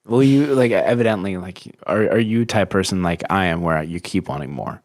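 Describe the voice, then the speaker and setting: A man's voice: low voice, fairly quick. A man hosting a podcast interview in a chatty way, laughing often and swearing freely. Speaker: host.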